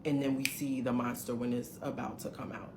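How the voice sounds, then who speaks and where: A rumbling low voice with little pitch movement and a brisk pace belongs to a middle-aged woman vlogging from her home. She animatedly recounts a dating experience to viewers, casual and emphatic throughout. The recording picks up roomy room echo and faint background hiss.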